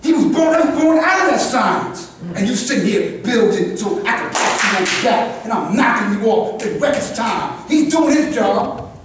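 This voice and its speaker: An older man with a high voice lectures a group, preachy and full of restarts. He is heard from a distance in a very echoey room, with faint noise behind him. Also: animated, normal speed. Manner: preachy, repeats "God" as address, restarts often. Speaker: speaker at a community gathering. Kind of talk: impassioned address to a group.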